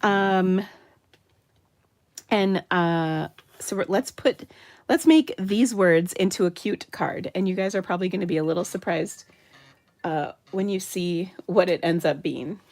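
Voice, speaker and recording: A woman's voice: fairly low pitch, unhurried, darkish tone. A woman from Minnesota hosting a live card-making demonstration from her home craft room, chatting and laughing as she works. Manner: chatty, upbeat, laughs often. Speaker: card-making tutorial host.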